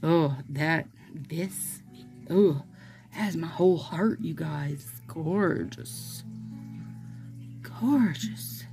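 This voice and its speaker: Woman nail vlogger, low and husky with fry, slow rambling chat to viewers. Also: a little mellow, faint music behind. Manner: rambling, chatty, addresses viewers as "you guys". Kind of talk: casual chat while doing a manicure.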